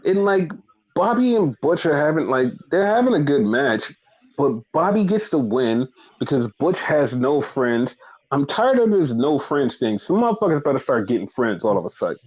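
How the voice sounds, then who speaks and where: A man casually recapping a wrestling show, talking in an animated, profane way. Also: moderate pace, poor audio. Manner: animated, profane, acts out quotes in high voices. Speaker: podcast co-host.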